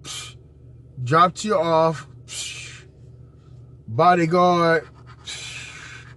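A man hosting a podcast, reacting to played audio with loud, profane, mocking commentary that swings from squeals to low growls. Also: steady tone, very slow.

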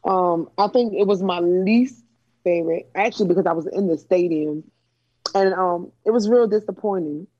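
A woman co-hosting a casual sports chat, blunt and brisk as she reads off picks. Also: on the low side, mellow, muffled recording. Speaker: podcast co-host.

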